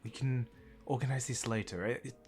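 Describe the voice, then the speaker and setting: A man playing a gentle young woman in a tabletop game, soothing her sister with halting, stammered reassurance. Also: mid-range voice, soft background music, natural voice.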